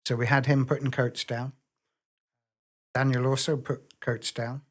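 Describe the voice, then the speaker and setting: A man's voice: medium pitch, flat delivery, a little slow. A man speaking as a podcast guest, plain and reassuring, with many ums. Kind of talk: casual podcast conversation.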